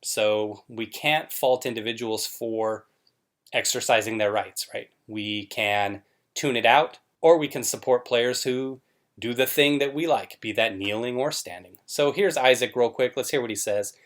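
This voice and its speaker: A man's voice: medium pitch, a little slow, a bit bright. A man hosting a commentary show, talking in a sarcastic, mocking way.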